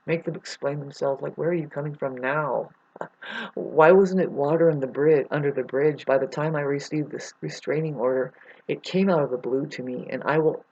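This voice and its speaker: A self-described performing artist speaking in a rambling personal monologue, emotional and apologetic, often restarting sentences. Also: mid-range voice. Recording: dull lo-fi recording.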